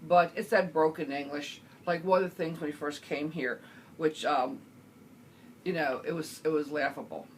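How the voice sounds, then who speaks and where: A middle-aged woman vlogger chatting casually as she answers viewer questions, rambling with lots of fillers and the odd throat-clear. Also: low-pitched, normal speed, slight background noise. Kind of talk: casual chat.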